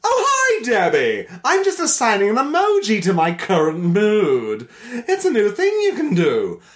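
A man voicing a chirpy, vain woman in a high, sing-song falsetto for a comedy podcast sketch. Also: huge pitch swings, unhurried, heavily acted.

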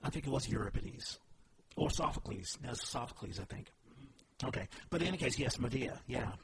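A man's voice: mid-range voice, lively intonation, fairly quick. A man in his forties hosting an interview, mixing short affirmations with probing questions in casual talk. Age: 40s. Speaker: podcast host. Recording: clear background hiss.

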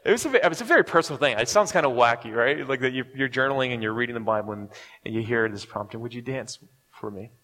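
A man's voice: medium pitch, expressive, rapid-fire, pushed and bright, big-room sound. A man preaching a sermon as a pastor, speaking in a conversational way, chuckling often and checking in with his listeners. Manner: conversational, chuckles often, keeps asking "right?".

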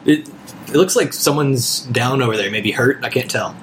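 A man's voice: mid-range voice, normal speed, a little hiss or hum. A man playing a tabletop role-playing game, hesitant and full of fillers. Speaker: player.

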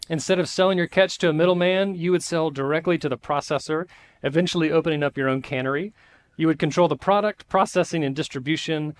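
A man's voice: a little high, fast, lightly acted. A man voicing a brash American investment banker who talks eagerly and persuasively.

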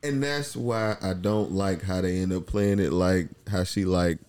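A man's voice: unhurried, smooth. A man, chatting casually as a podcast co-host and acting out quotes. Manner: animated, acts out quotes in high voices. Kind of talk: casual chat about a TV show.

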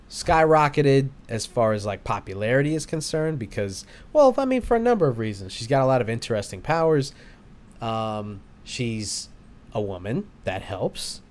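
A young man hosting a casual podcast chat, rambling with hesitant restarts and frequent laughs. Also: medium pitch. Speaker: podcast host.

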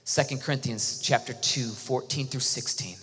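A man from Michigan preaching a sermon to a large auditorium, earnest and often dropping to a soft, intimate hush. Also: mid-range voice, fairly even intonation, normal speed, breathy edge. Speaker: worship leader and preacher. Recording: live hall with long reverb, faint music.

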